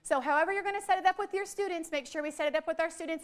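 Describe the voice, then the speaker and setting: A woman's voice: extremely high pitch, rapid-fire. A woman trainer presenting a teacher workshop in a training room, explaining teaching methods and leading the audience in call-and-response drills. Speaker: literacy trainer.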